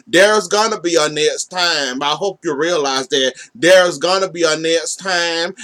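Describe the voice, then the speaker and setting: A man's voice: sits high, bright, forceful tone. A man recapping a soap opera episode in a casual, sassy way, speaking straight to the characters and teasing them.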